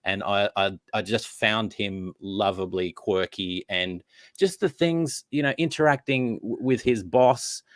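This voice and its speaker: A man's voice: lowish voice, unhurried, no echo, studio quality. A man co-hosting a casual podcast chat, talking in a hesitant way with frequent restarts. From Australia. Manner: hesitant, many restarts and fillers. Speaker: podcast co-host. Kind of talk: casual chat about a TV series.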